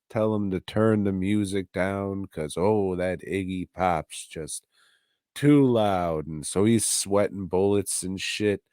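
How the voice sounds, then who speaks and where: A man's voice: fairly low pitch, darkish tone, clean tone, dry recording, studio quality. A man hosting a podcast from home, recapping a show in a casual, profane, offhand way. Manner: profane, offhand, slow and drawling. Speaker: podcast host reviewing a TV episode.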